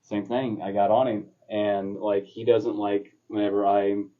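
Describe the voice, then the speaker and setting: A man's voice: fairly low pitch, level tone, measured pace, far from the mic, phone-quality sound. A man and podcast co-host, talking earnestly and reflectively in long run-on thoughts. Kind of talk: casual chat.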